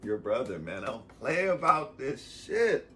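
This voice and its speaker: A man's voice: mid-range voice, sing-song, a little slow. Profane, rambling man near tears. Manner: profane, rambling, swings between loud bursts and soft asides. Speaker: vlogger. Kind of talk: casual motivational monologue.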